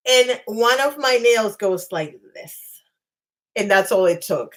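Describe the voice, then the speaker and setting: A woman's voice: fairly high pitch, slow pace. Chatty woman telling funny stories. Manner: animated, self-mocking, laughs at herself. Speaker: channel host. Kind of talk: casual storytelling to live chat.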